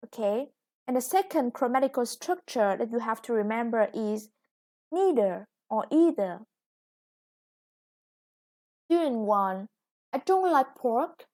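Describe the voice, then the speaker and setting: Woman, English teacher, slightly high voice, slow and careful delivery. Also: animated, dark tone. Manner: slow, deliberate, stresses each new word. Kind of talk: recorded classroom lesson.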